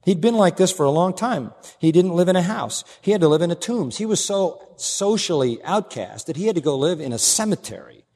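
A man preaching an expository sermon as pastor, emphatic, swinging from low asides to raised declarations. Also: expressive, brisk, hardly any pauses, dark tone. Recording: long hall reverb.

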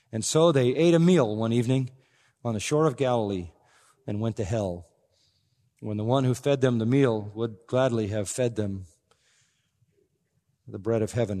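A man preaching a sermon as pastor, emphatic, swinging between loud bursts and hushed, quiet phrases. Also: lowish voice. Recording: long hall reverb.

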